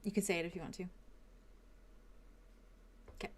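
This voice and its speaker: Gentle woman game master. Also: on the low side, fairly even intonation, normal speed. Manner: gentle descriptive narration with fillers. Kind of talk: narrating a tabletop game.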